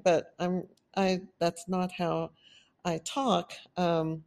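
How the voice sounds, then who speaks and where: A woman with a Texan accent speaks as the host of her own podcast. Her voice sits low and she moves slowly, leaning earnestly on each word of a list. It is a solo talk with no one else in the room. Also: steady tone, a little mellow. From Texas. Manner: earnest, emphatic with lists and drawn-out stresses.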